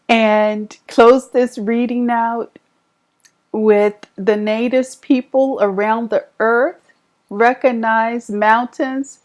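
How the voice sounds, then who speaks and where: A woman giving a heartfelt spiritual tarot reading, talking about love and sacred places. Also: medium pitch. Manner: slow, heartfelt and emotional. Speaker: tarot reader.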